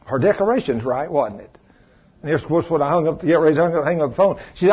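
A man's voice: on the high side, fast talker, breathy edge, dull audio. A man preaching a folksy televised sermon, acting out the voices of people he quotes.

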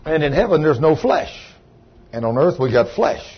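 A man's voice: fairly high pitch, lively intonation, normal speed, husky, highs cut off. A man preaching a sermon, folksy and chatty, calling on members of the congregation by name. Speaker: pastor. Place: church.

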